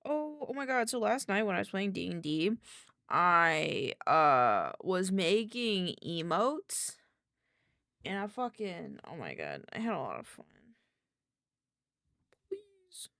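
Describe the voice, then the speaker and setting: A woman streamer chatting casually and excitably on a live stream, often answering her chat, into a desk microphone. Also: on the low side, measured pace, vocal fry, dry recording, studio quality.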